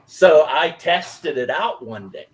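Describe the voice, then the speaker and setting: A man chatting casually on a live stream, telling rambling, animated stories. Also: on the high side, slow pace. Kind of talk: casual chat.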